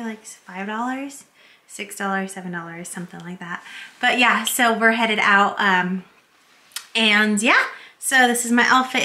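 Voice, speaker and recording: A young woman doing a relaxed home vlog, talking through her day in a bright, forward voice. She rambles, restarts and fills pauses with "um" and "like," and sometimes drops to a hushed whisper. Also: mid-range voice. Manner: chatty, rambling, many fillers; whispers at times while baby naps. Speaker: vlogger. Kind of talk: casual vlog chat.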